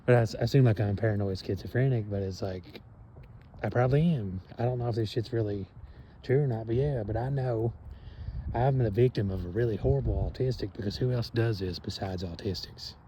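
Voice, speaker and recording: Man, rambling monologue, lowish mellow voice, loose and profane, lots of fillers. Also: slight background noise, rough recording. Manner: meandering, profane, many fillers and trailing pauses.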